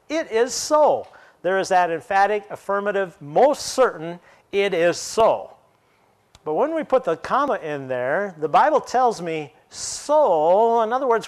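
A man pastor giving a sermon in a conversational preaching style, slowing down and stressing key words, with frequent fillers and restarts. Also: a little high.

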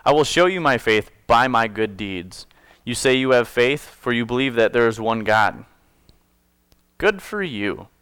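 Smooth-voiced man preaching casually. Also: medium pitch, animated, measured pace, fairly bright tone, dry recording. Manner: conversational, self-correcting, jokes with congregation. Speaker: pastor. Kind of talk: casual sermon with scripture reading.

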